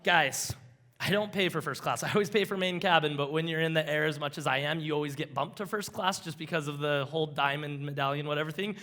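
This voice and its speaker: High bright guy on stage, excited rambling story, keeps getting sidetracked. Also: quick pace. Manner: rambling, easily sidetracked, enthusiastic. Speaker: conference speaker. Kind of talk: energetic storytelling talk on stage.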